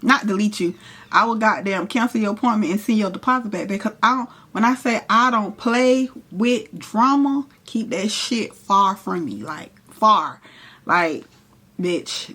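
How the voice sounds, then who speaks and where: A woman's voice: mid-range voice, a little slow, husky. Blunt young woman telling a story. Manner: blunt, profane, animated storytelling. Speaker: hairstylist and vlogger. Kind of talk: casual storytime while doing makeup.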